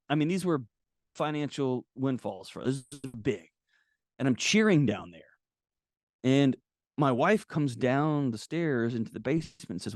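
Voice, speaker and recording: Male guest, candid storyteller, mid-pitched, close dry podcast mic. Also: normal speed, dry recording. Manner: candid, animated, acts out quotes. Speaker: guest author. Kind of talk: casual conversational storytelling.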